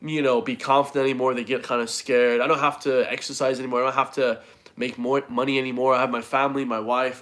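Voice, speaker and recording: A man's voice: medium pitch, a bit bright. A man ranting bluntly to camera as a fitness vlogger, swearing a lot and saying "guys" all the time. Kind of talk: casual rant to camera.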